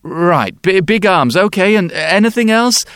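A kindly, hesitant sculptor, voiced by a male storyteller, gentle and full of little stumbles. His lines come unhurried and lilting, with a faint guitar playing behind him. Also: high voice, animated, clear, resonant tone, no echo, clean studio sound, voice pushed up. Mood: puzzled. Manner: gentle, halting with ums and restarts.

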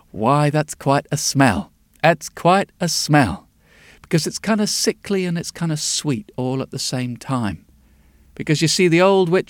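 A man telling a folk tale in a rhythmic, lilting way, dropping to hushed tones at times. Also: a little high, no room sound, studio quality. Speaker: storyteller.

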